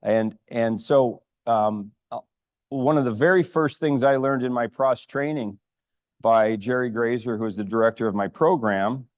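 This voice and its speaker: A man in his fifties from upstate New York, a prosthodontist giving a conference lecture, unhurried and full of ums and restarts. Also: medium pitch, darkish tone, no echo, clean studio sound. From Rochester, New York. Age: 50s. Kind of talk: conference talk. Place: lecture room.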